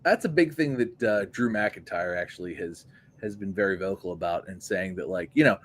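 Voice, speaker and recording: A man from the Pittsburgh area hosting a wrestling podcast, talking in a loose, profane, filler-heavy chat. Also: on the low side. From Pittsburgh area, USA. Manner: animated, swearing, lots of fillers.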